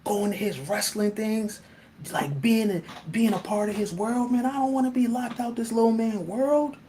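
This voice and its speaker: A man's voice: high voice, moderate pace, background noise. A man hosting a casual monologue, talking bluntly and animatedly, swearing freely and laughing often. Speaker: host.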